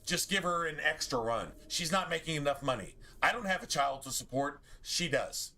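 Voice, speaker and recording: Give me a bright, slightly high-voiced man venting profanely to his stream chat. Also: animated, moderate pace. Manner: profane, heated, rambling. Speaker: gaming streamer. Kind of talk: casual rant to stream chat.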